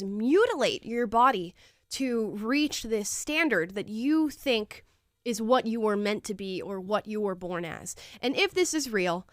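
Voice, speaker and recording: A woman's voice: medium pitch, fairly bright tone, dry recording, studio quality. A woman hosting a show, reacting to a debate clip with emphatic, incredulous opinionated commentary.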